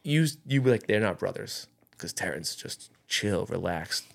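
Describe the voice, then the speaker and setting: A man's voice: deep voice, lively intonation, measured pace, creaky. A man around forty in casual podcast chat, telling a story animatedly and acting out what others said.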